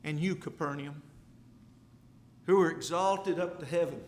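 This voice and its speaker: A man's voice: fairly high pitch, unhurried, long pauses, a little mellow. A man preaching a sermon, reading scripture aloud and repeating key words for emphasis. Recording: long reverb of a large hall.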